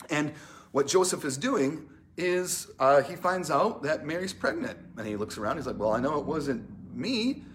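A man's voice: on the high side, big pitch swings, moderate pace, slight background noise. A man preaching a casual, conversational sermon, reading scripture aloud and playfully acting out the people in the story. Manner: chatty, many "like" fillers, acts out characters playfully. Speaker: pastor.

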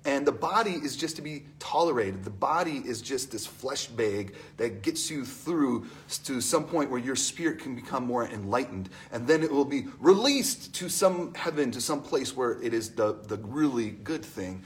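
A man preaching a conversational sermon in an animated, storytelling way, asking the congregation questions. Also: medium pitch, normal speed, few pauses, a little hiss or hum.

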